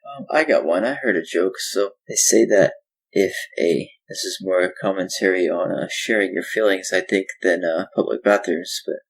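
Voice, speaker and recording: A man's voice: sits low, moderate pace, husky, poor audio. A young adult man co-hosting a casual podcast, with dry, joking, self-deprecating humor. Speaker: podcast co-host. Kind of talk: casual chat.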